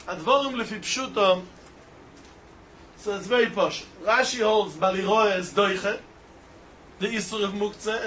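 A high-voiced man teaches in the manner of a Talmud lecture, reasoning animatedly in a sing-song cadence and sprinkling Hebrew, Aramaic and Yiddish terms through his English. There's slight background noise.

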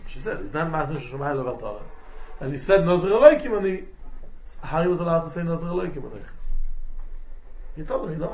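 A man giving a lively Talmud class, mixing in Yiddish and Hebrew terms and acting out the quotes. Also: a little high, echoey room. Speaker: Talmud teacher.

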